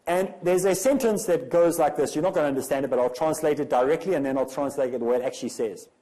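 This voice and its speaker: A man's voice: on the high side, quick pace, dark tone, low-quality recording. A man from Africa, giving an emphatic religious lecture full of rhetorical questions. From South Africa.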